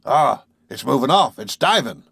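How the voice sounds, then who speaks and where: A man voicing an eager, excitable male harpooner in a read-aloud adventure story. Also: medium pitch, moderate pace, gravelly, slightly rough, no echo, studio quality, heavily acted. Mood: excited. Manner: excited, exclaiming.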